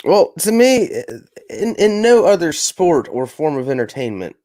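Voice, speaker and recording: A man's voice: on the high side, big pitch swings, a little slow, dark tone. A man co-hosting a casual wrestling podcast, speaking bluntly and swearing. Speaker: podcast co-host.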